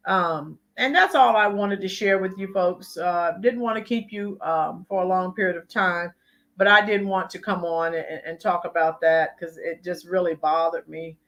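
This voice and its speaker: A woman's voice: lowish voice, moderate pace, fairly bright tone. A woman hosting a live-stream, giving emphatic political commentary and talking to chat viewers by name. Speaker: channel host.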